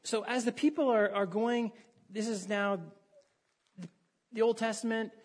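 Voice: medium pitch, steady tone, measured pace. A preacher giving a conversational sermon, reading Bible passages aloud and putting questions to the listeners.

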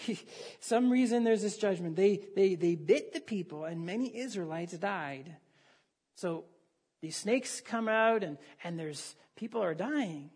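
Husky-voiced preacher reading scripture. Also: mid-range voice, darkish tone. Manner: conversational, asks the listeners questions and reads scripture aloud. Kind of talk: sermon with Bible reading.

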